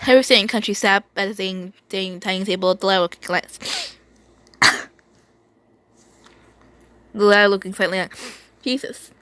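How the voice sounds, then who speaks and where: A woman reading a fan story aloud in a casual, unpolished way. She often trips over words, repeats herself and breaks off to make comments of her own. Her voice sits at an ordinary middle pitch. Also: normal speed, pauses often, sharp tone, no room sound. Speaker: reader.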